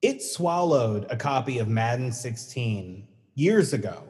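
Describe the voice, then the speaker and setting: A middle-aged man of middling pitch hosts a loose conversation. He is relaxed and teasing and laughs often. His voice carries a long reverb tail. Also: measured pace. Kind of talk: casual chat.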